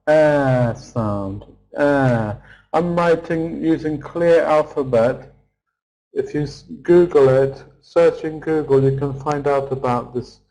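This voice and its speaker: A man's voice: on the high side, warm tone, rough recording. A man teaching an online pronunciation lesson, patiently repeating each word and counting its syllables. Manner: patient, explains the stressed vowel sound step by step. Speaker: English teacher.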